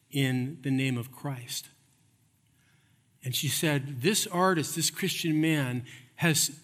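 A man delivers a sermon from the pulpit, his voice bright, forceful and set a little high for a man. He shifts from funny storytelling to emphatic preaching. The church gives his words a long, ringing reverb. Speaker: pastor. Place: church sanctuary.

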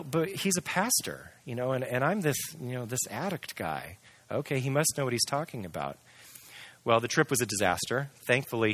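Candid man sharing his testimony, bright forceful tone, dry close sound. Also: mid-range voice, dry recording. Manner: candid, earnest storytelling. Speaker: testimony speaker. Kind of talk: personal testimony.

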